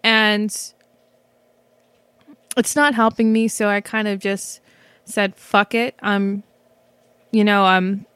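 Woman, podcast host, rambling commentary, filler-heavy, mid-pitched, dry close sound. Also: little pitch movement, slow pace, long pauses, a bit bright, clear, resonant tone, no room sound. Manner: rambling, many fillers and restarts, swears casually. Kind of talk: casual self-reflective commentary. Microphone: microphone.

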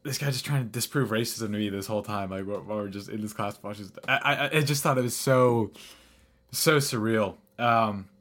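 A man's voice: lowish voice, brisk, a bit bright. A young man hosting a casual podcast chat, rambling with restarts, laughing often and swearing casually. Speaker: podcast host.

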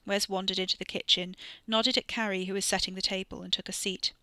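Bright-voiced woman narrating a novel. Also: mid-range voice, little pitch movement, quick pace, few pauses, no echo. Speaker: audiobook narrator. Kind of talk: scripted narration.

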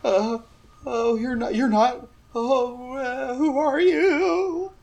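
A high, whimpering, timid young man. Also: a little slow. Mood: terrified. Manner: stammering, fearful. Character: timid weepy young man lost in a dungeon.

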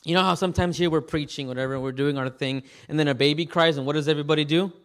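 A man preaching a sermon as pastor, animated and acting out scenes with quick voice changes. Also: on the high side.

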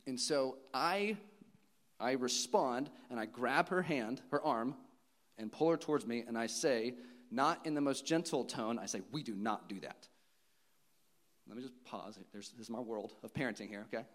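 A man in his thirties, a pastor, preaching a sermon in an earnest, personal storytelling manner with pauses and restarts. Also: mid-range voice.

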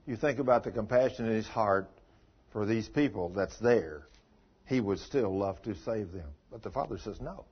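Husky man preaching a sermon. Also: lowish voice, a little fast. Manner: emphatic, rising and falling with storytelling. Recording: dull lo-fi recording.

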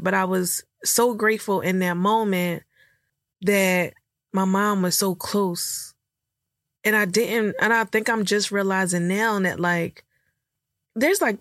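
A young woman talks through a candid podcast episode, her voice tearful and choked up. She rambles warmly through fillers at an ordinary middle pitch, recorded dry and close with no room sound. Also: no echo. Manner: emotional, rambling, filler-heavy storytelling. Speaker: podcast host. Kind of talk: candid personal podcast talk.

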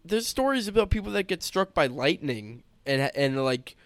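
A man's voice: fairly high pitch, very animated, moderate pace, fairly bright tone, dry recording. A young man co-hosting a podcast, chatting casually with lots of swearing, restarts and joking. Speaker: podcast co-host. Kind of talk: casual chat.

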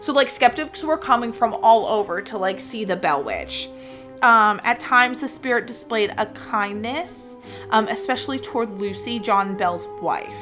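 Woman co-host, chatty storyteller, a touch high, soft music under. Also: moderate pace. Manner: relaxed, many fillers, laughs often. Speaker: podcast host. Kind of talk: casual storytelling chat.

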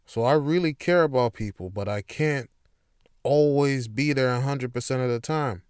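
A man's voice: mid-range voice, moderate pace, a little mellow, clear, resonant tone, dry recording, studio quality. A man hosting his own podcast, talking candidly and emphatically in a casual motivational monologue, with plenty of swearing. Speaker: podcast host.

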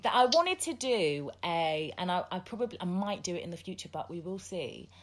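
Low-voiced blunt woman podcast host. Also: animated, fairly quick. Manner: blunt and outspoken, swears freely. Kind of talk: casual conversation.

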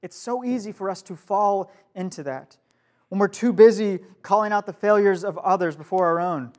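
A young man leads a youth group sermon in front of a live room, speaking in a light, high-pitched voice. He keeps it casual and conversational, stopping to ask his listeners questions. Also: normal speed, darkish tone. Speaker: youth pastor.

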